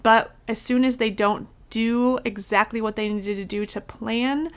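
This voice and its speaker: A young woman with a fairly high voice gives blunt, emphatic coaching advice about eating and habits. She talks in a casual, motivational way and swears now and then. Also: steady tone, measured pace. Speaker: nutrition coach. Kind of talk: motivational talk to camera or podcast.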